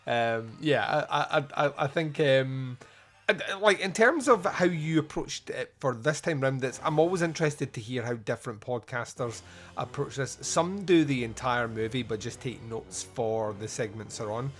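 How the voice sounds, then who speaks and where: A man's voice: medium pitch, normal speed, fairly bright tone. Laughing, chatty male podcast host. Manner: chatty, laughs often, frequent restarts. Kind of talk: casual film review chat.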